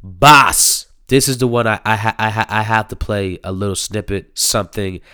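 A young man talking casually to camera about new music singles, slangy and animated, laughing and swearing often. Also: on the low side, normal speed, clear, resonant tone.

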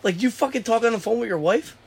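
A man in casual profane chat, reacting fast, laughing and trailing off in half-finished phrases. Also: very high voice, gravelly, a little mellow.

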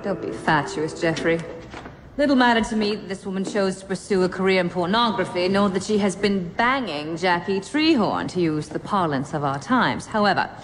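A woman's voice: on the low side, close to an everyday voice. An actress playing a haughty wealthy woman who speaks in a clipped, formal, pompous way. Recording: film audio with long reverb and faint music.

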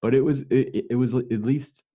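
A man's voice: mid-range voice, steady tone, brisk, mellow. A man in casual conversation, telling long rambling stories with fillers and laughs.

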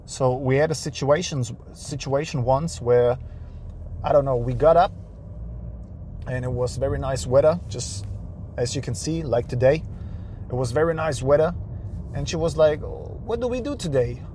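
A man's voice: medium pitch, steady tone, normal speed, pauses often, dark tone, slight background noise. A man giving blunt dating advice to camera outdoors, swearing freely and repeating phrases for emphasis. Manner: profane, preachy, repeats himself for emphasis.

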